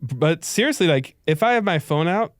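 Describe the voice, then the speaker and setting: A man's voice: a little high, animated, normal speed, no echo, clean studio sound. A young man with a French accent, a stand-up comedian telling stories in a casual podcast chat and acting out the people he quotes. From France. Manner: storytelling, acts out quoted voices.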